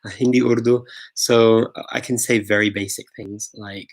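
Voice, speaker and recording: Hosting a live Q&A, an Englishman casually and enthusiastically answers viewer questions on a livestream, full of ums and restarts. His fairly low voice keeps a level tone at normal speed, and the audio is poor.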